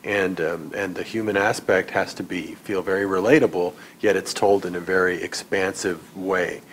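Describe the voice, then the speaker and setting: Very deep-voiced man at a film junket. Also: fairly even intonation, normal speed, a little hiss or hum, rough recording. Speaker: film director. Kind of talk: press junket interview.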